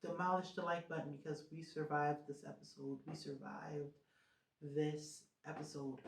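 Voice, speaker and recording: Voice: mid-range voice, level tone, moderate pace. A podcast host chatting casually on their own, rambling with lots of "um" and "like" fillers. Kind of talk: casual solo podcast chat. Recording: roomy echo.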